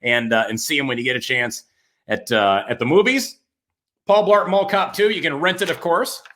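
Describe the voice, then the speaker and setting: Upbeat guy hosting a chat show, bright tone, laughs easily. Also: a little high, moderate pace. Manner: enthusiastic, laughs often, plugs guests. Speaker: host. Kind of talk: casual interview chat.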